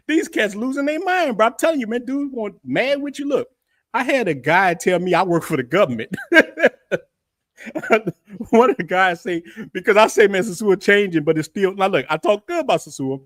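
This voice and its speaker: Animated high-voiced man chatting on a livestream. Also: moderate pace, no echo, clean studio sound. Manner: animated, laughing, rambling with repeats. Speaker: travel livestream host. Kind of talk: casual livestream talk. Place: his house.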